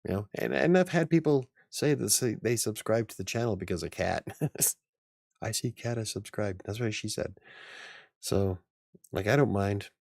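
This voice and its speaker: Male host in his forties, very low gravelly voice, loose rambling chat with a dry, close sound. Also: normal speed, a little mellow, dry recording. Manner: rambling, chuckles often. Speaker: channel host. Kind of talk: casual live-stream chat.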